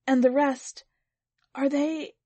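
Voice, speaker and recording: A woman reader voicing a tall, worn older woman who pleads in halting, broken questions. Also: high-pitched, flat delivery, mellow, dry recording, pitched above the performer's own voice. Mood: pleading.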